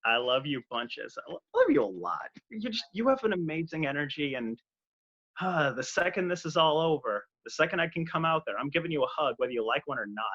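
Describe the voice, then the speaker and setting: A man's voice: a little high, expressive, brisk, pushed and bright, dull audio. A young man joining a casual chat as a guest over a video call, upbeat and affectionate.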